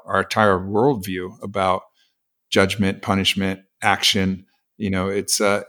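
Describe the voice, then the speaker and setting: Deep flat-voiced man musing. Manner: thoughtful, rambling, many fillers. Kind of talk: philosophical podcast conversation.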